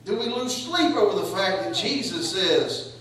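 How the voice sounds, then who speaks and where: Man preaching, high voice, booming echo, distant from the mic, faint hiss. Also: very animated, moderate pace, fairly bright tone. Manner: preaching with rising, questioning cadence. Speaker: pastor. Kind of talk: sermon. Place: church sanctuary. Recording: echoey church hall, voice from far off.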